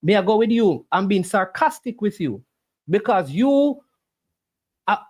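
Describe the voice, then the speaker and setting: Livestream host, argues and lectures the chat, swooping animated pitch. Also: unhurried. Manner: argumentative, preachy, rhetorical questions. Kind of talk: casual argumentative livestream talk.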